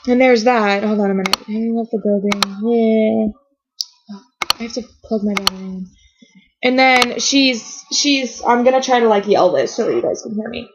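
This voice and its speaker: A woman with a fairly high voice gushes through an excited fan reaction, rambling and trailing off as her thoughts tumble out. The sound is dull and lo-fi, as if caught on a built-in webcam mic at home. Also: noisy background. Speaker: vlogger reacting to a TV episode. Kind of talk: emotional fan reaction vlog.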